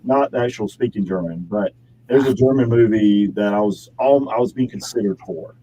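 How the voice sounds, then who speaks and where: A man talks as a guest in a casual interview, rambling from one anecdote to the next and laughing as he goes. His voice is dark and mellow, recorded in his home studio with a faint hum of room noise behind him. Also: on the low side, normal speed, muffled recording. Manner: rambling, chatty storytelling with frequent laughs. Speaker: actor and model, guest.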